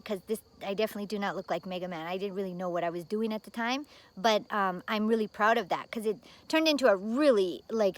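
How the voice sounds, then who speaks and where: A woman's voice: medium pitch, a bit bright. A woman in her fifties from the United States, telling stories in a chatty vlog with many fillers. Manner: chatty, with lots of fillers and tag questions. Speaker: vlogger. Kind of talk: casual storytelling vlog.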